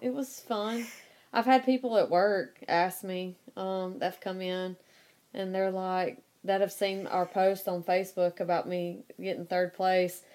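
A woman's voice: fairly low pitch, level tone, measured pace, darkish tone. A woman in casual chat as co-host, laughing often and swearing casually.

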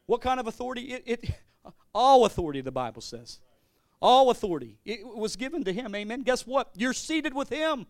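A male pastor preaching a sermon, swinging from loud declarations to quiet asides, with frequent stammered restarts. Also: extremely high pitch, big pitch swings, brisk, few pauses, no echo, clean studio sound.

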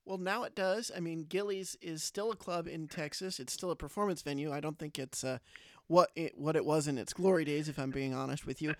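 Male interviewer, fairly high voice, dry close sound, affirming, admiring. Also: steady tone, a little fast, dry recording. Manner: affirming, admiring, frequent "mm-hmm". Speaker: podcast host. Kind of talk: interview questions.

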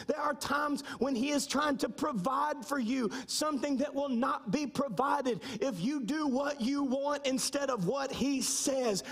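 A middle-aged man preaching a sermon as pastor, emphatic and slowing down to stress key points. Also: extremely high pitch.

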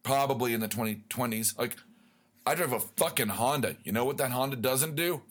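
A man's voice: mid-range voice, moderate pace. A man hosting a podcast, ranting in a worked-up, profane, rambling way. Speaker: podcast host. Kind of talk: comedic rant.

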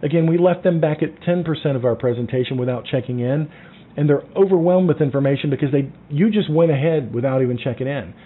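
A man giving sales coaching in a lively way, acting out phone calls and lowering his voice for effect. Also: fast, slightly rough. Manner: animated, acts out phone calls, drops to a low voice. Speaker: sales trainer. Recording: tinny phone-like sound.

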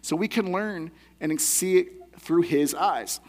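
High-voiced man preaching a sermon. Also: takes it slowly, a little mellow. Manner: conversational, earnest teaching tone. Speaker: pastor.

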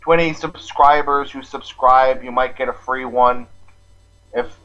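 Slow, giggly podcast co-host, lo-fi. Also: mid-range voice, fairly even intonation, a bit bright. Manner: giggly, enthusiastic. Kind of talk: casual chat. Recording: dull lo-fi recording.

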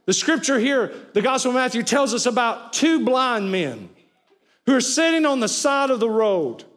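Pastor, man, high voice, preaches loud then drops low, calls on the congregation to answer. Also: very animated, moderate pace. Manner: swings between loud cries and low, quiet lines. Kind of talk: sermon. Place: church sanctuary with an audience, also streamed.

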